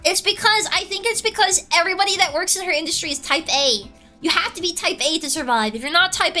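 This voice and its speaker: A woman's voice: extremely high pitch, quick pace, bright, forceful tone, soft background music. A young adult woman streamer telling a gossipy story in casual chat, laughing often and answering her chat.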